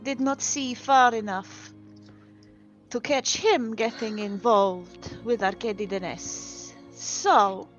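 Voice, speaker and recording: A woman, voicing her character in a tabletop game with an animated, sweary manner. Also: fairly high pitch, slow pace. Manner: sweary, animated, laughs often. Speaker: player. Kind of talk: in-character tabletop role-play. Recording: dull lo-fi stream audio with faint music.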